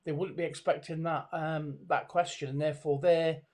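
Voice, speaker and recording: Interviewed over a webcam video call, a middle-aged body language expert speaks at normal speed in a somewhat high, darkish voice with little pitch movement. His conversational answers are hesitant, full of restarts, ums, and you-knows.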